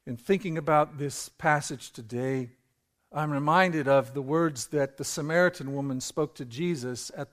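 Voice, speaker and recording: A man preaching a sermon as pastor, reading scripture dramatically and rising to loud emphasis. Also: a little high.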